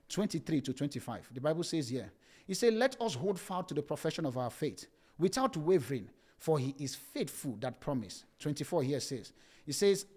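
A man's voice: on the high side, a little mellow. A young adult male pastor preaching a sermon, reading scripture aloud and telling humorous personal stories to his congregation. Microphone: streamed service mic.

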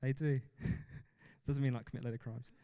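A young man preaching a sermon with an animated, joking manner, often laughing at himself. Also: mid-range voice, moderate pace. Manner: animated, laughs often, self-deprecating asides. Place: church hall. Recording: long reverb of a large hall.

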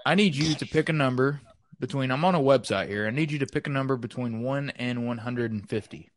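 A man hosts a loose, chatty show from his home over a video call. He rambles, with plenty of fillers, in a mid-pitched voice. The sound is dry, with no room echo. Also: brisk. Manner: rambling, hesitant, many fillers. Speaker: host. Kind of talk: casual chat.

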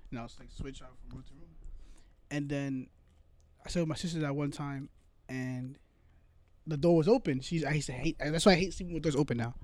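Animated young-sounding man telling ghost stories. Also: fairly high pitch, brisk. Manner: animated, swears a lot, says "bro" often. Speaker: storyteller in casual chat. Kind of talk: casual chat.

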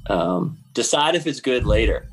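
A man talking as a podcast guest about creativity, thoughtful and hesitant with many pauses. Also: medium pitch, lively intonation, breathy edge, rough recording. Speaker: guest, filmmaker and musician. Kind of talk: casual interview chat.

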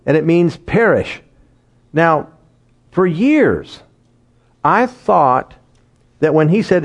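A man preaching a sermon and reading scripture aloud, animated, laughing at his own jokes and slowing down to stress key words. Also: on the high side.

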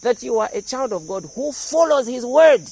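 A man preaching a sermon, animated and humorous as he explains scripture. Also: very high voice, moderate pace, rough recording. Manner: animated, explains verses with humor and acted-out voices. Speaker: pastor.

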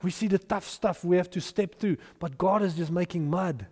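A man's voice: high voice, normal speed. A man preaching a sermon as pastor, emphatic, sometimes raising his voice when acting out scripture. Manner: emphatic, rising to shouts for quoted voices. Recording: long hall reverb.

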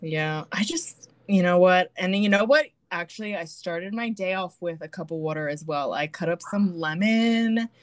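A woman's voice: lowish voice, moderate pace, hardly any pauses, dry recording. A young woman co-hosting a casual podcast, bubbly and jokey, laughing often as she chats with her best friend. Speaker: podcast co-host. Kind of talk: casual chat.

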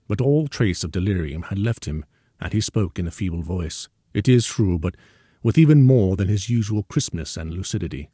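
A man reading a story aloud as narrator in a measured, even way. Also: sits low, slightly rough, dry recording, clean studio sound, faint music behind.

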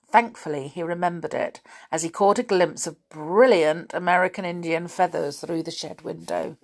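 A woman's voice: low-pitched, unhurried, slightly rough. A woman podcast host who recaps the story in a chatty way, with fillers, then reads a children's book aloud.

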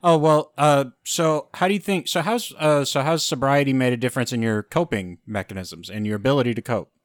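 A man's voice: medium pitch, fairly quick, no room sound, studio quality. A man co-hosting a podcast, chatting in a wry, teasing way and asking the guest questions. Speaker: co-host. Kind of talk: casual podcast chat.

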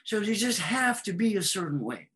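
A man's voice: high-pitched, sing-song, moderate pace, a bit bright, poor audio. Rambling man explaining astrology. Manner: rambling, fills with um and uh, plays voices in stories. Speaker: astrologer guest. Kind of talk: casual explanatory conversation.

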